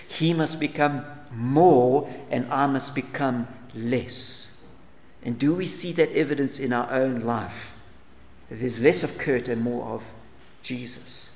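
A man preaching a sermon earnestly, asking rhetorical questions and dropping to soft asides. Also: on the high side, big-room sound. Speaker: pastor.

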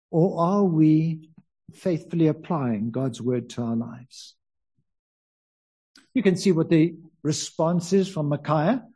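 A man with a South African accent preaching a conversational sermon, slowing down on key words. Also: fairly high pitch, warm tone, husky. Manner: conversational, varies emphasis, stretches key words.

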